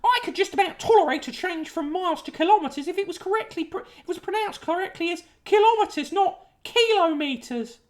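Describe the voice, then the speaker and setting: A man reading out a letter in a high, fussy voice, playing a pedantic older letter-writer. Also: fast, hardly any pauses.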